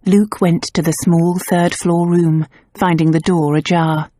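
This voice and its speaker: An audiobook narrator, a woman with a fairly low voice, reads a scripted romance novel in a measured, even storytelling style. There's no room sound.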